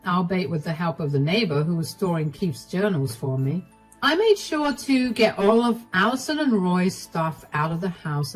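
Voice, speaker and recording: A woman narrating a first-person story in an even, matter-of-fact way. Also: fairly low pitch, rough recording.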